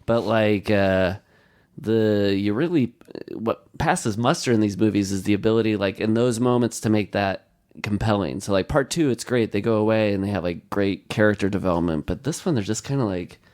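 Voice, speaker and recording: A man's voice: on the low side, moderate pace, a little mellow. A man co-hosting a podcast, chatting casually and rambling with plenty of likes and ums. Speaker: podcast co-host. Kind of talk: casual chat.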